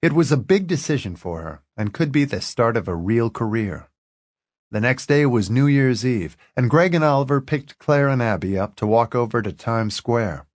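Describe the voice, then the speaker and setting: A man narrating an audiobook in an expressive, lively reading. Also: mid-range voice, normal speed, no echo, studio quality.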